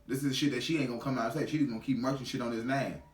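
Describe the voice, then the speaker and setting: A man's voice: mid-range voice, steady tone, very fast, distant mic. Angry guy going off on a reaction vid, cussing nonstop, middle voice, echoey room. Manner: heated, profane, repetitive street slang. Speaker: reaction video commentator. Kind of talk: ranting reaction commentary.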